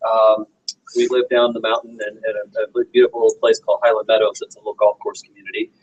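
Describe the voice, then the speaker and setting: Earnest husky man in his forties. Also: on the low side, flat delivery, fast talker, lo-fi sound. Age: 40s. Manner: earnest, personal, speaks straight to the audience. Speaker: guest motivational speaker. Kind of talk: personal story told to a meeting audience. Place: meeting room with an audience.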